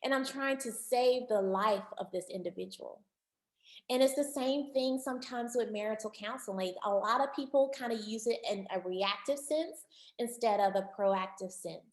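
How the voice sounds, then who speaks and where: A woman marriage counselor giving an online workshop talk, animated and repeating words for emphasis, calling her listeners family. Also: a little high, normal speed, echoey room.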